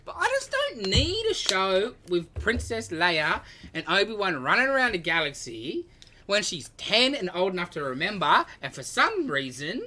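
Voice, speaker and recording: A woman's voice: medium pitch, wildly swooping pitch, moderate pace, sharp tone, slight background noise. A woman co-hosting a podcast in casual chat, ranting animatedly and swearing freely. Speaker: podcast co-host.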